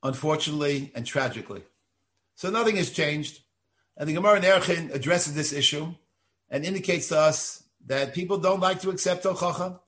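An older man, a synagogue rabbi, giving a Torah lecture in an earnest, deliberate lecturing tone. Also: high-pitched, fairly bright tone.

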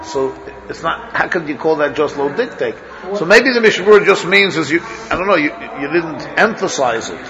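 A man teaching a Torah study class, his voice sitting a touch higher than most men's. He works through ideas out loud, quizzing the room and restarting his sentences as he goes, while his students are clearly heard around him. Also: animated, a little fast, highs cut off, crowd noise. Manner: thinks aloud, questioning students, many restarts.

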